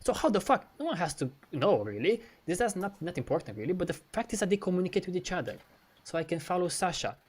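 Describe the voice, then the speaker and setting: Animated, swearing man demoing software. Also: sits high, quick pace. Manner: animated and profane, mimics dialogue, laughs. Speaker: co-host. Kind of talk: casual chat, screen-share demo.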